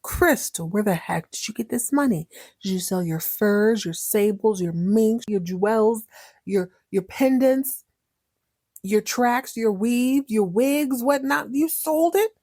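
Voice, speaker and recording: An outraged rich older man, as a woman puts him on in a podcast recap. He exclaims with theatrical indignation in a pitched-up, dark-toned voice, recorded dry and close. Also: takes it slowly, no echo. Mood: incredulous.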